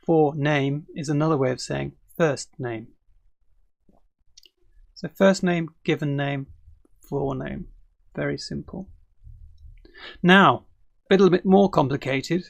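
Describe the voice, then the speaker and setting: A man with a British accent teaching an English lesson, speaking slowly and clearly and modelling example phrases. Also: a little high, no echo.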